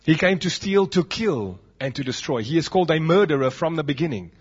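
South African male pastor, husky and fairly high, emphatic sermon delivery, lo-fi sound. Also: expressive, brisk. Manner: emphatic preaching with dramatic drops. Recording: dull lo-fi recording.

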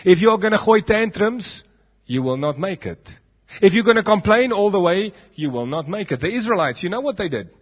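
A man's voice: high voice, big pitch swings, a little fast. A South African man preaching a sermon as pastor, emphatic, with dramatic drops in his voice, on a dull lo-fi recording.

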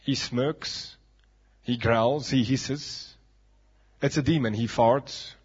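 A man's voice: mid-range voice, steady tone, slow pace, breathy edge. A South African man preaching a sermon as pastor, emphatic, with dramatic drops in his voice, on a dull lo-fi recording.

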